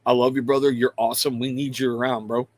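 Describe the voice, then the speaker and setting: Fast and flat in a mid-range voice, a middle-aged man hosts a livestream. He rambles casually to his viewers, calls out their names, and swears freely.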